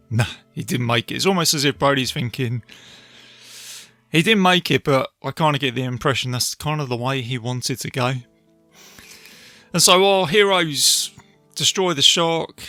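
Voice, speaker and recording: On a beach outdoors, a man hosts a casual solo podcast, chatting away as a film reviewer and retelling movie scenes with lots of fillers. His medium-pitched voice is gravelly, pushed and bright, with no room sound.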